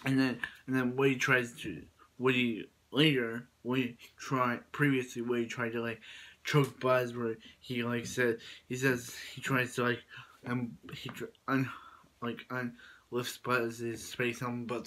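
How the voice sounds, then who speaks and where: Bright-voiced man rambling through a plot. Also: mid-range voice, steady tone, measured pace, rough recording. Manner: rambling, with frequent restarts and quoted lines. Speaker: movie reviewer. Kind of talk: casual plot retelling.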